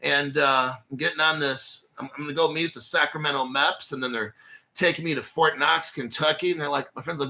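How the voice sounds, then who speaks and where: A very bright, sharp-toned man in his forties, a bit high for a man, rambling through a casual livestream story. He swears freely, laughs between phrases, and jumps back to restart his sentences. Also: steady tone, fairly quick. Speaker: crypto channel host.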